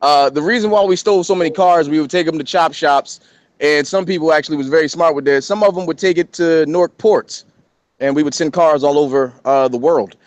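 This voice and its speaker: A man's voice: on the high side, brisk, dry recording. A man co-hosting a comedy podcast, trading casual jokes and laughing often. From New Jersey. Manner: animated, laughing, joking. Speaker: podcast co-host.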